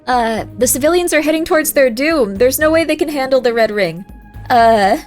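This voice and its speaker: A woman streaming a game live, reacting excitedly and reading on-screen text aloud. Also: high voice, moderate pace. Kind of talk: live gameplay commentary. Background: faint game music.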